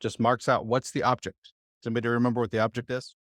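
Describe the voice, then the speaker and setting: Male teacher, mid-pitched, patient, quizzes the room, dry close sound. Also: flat delivery, quick pace, a bit bright, dry recording. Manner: patient, quizzes the class, many "uh" fillers. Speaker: Bible Hebrew teacher. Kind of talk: live classroom lesson. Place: church class room.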